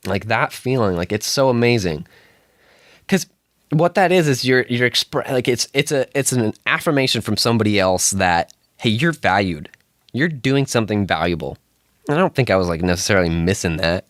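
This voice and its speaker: A man's voice: mid-range voice, dry recording, clean studio sound. A young man hosting a solo podcast, talking casually and rambling with frequent restarts and chuckles. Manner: rambling, self-interrupting, chuckles often. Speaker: podcast host.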